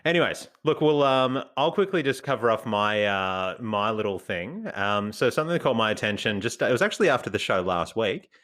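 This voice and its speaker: A man with an Australian accent telling stories in casual podcast talk, his pitch bouncing up and down. He laughs often and acts out the voices of people he met. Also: expressive, brisk, few pauses, fairly bright tone. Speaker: podcast co-host. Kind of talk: casual chat.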